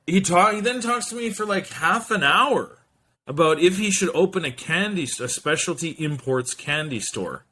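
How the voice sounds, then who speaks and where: A man's voice: a little high, pushed and bright, a little hiss or hum. A man in his thirties hosting his own show, rambling casually to camera with profane jokes, slang and French asides. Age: 30s. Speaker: show host.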